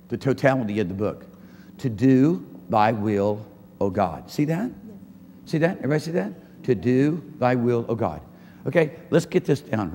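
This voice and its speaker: A man pastor preaching a live church sermon with passion, swinging from soft talk to shouting and repeating his phrases. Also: a little high. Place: church sanctuary. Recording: church hall reverb, faint room noise.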